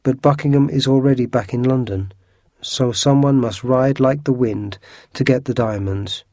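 A man's voice: mid-range voice, moderate pace, darkish tone, dry recording, studio quality, close to an everyday voice. A man reading a storybook, voicing an anxious young noblewoman who brings an urgent plea. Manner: pleading, anxious.

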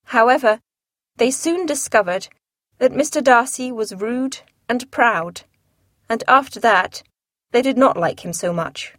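A woman's voice: on the high side, expressive, a little slow, a bit bright, dry recording, clean studio sound. Woman narrating a classic novel. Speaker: audiobook narrator. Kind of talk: scripted audiobook narration.

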